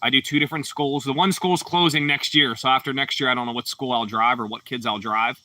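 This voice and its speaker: A man hosts a relaxed livestream, wandering from comment to comment with plenty of ums and you-knows. His voice is very bright and a little forward in tone. He sits back from the microphone in a dry, dead room. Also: medium pitch, a little fast, no room sound, recorded from a distance. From Pittsburgh, Pennsylvania. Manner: laid-back, rambling, frequent fillers. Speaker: livestream host. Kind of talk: casual livestream chat reading comments.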